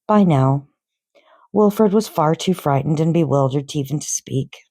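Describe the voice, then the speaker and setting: A woman reading a novel aloud in an expressive, unhurried storybook manner. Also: low-pitched, no echo, clean studio sound.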